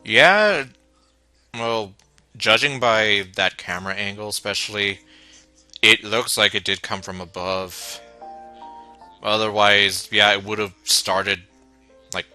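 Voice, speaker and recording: Joking male streamer with a bright voice. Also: lowish voice, level tone, measured pace, long pauses, smooth, faint music behind. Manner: joking, sardonic asides to the game. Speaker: game streamer. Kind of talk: casual live-stream commentary.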